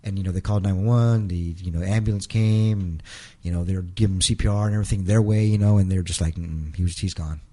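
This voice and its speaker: A middle-aged man as an interview guest, telling an emotional personal story in a halting way, repeating words and acting out quotes. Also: deep voice, steady tone, dark tone.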